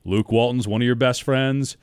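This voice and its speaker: A man hosting a sports podcast, asking questions in a relaxed, conversational way. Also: mid-range voice, moderate pace, clean tone, no room sound, clean studio sound. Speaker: podcast host and sports broadcaster. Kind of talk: casual interview chat.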